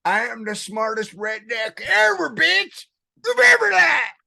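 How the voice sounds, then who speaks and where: A man voicing a loud, drunk Southern redneck rock fan who swears and shouts his rants. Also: very high voice, unhurried, gravelly, pitched above the performer's own voice, full character voice. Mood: rowdy. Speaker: podcast co-host.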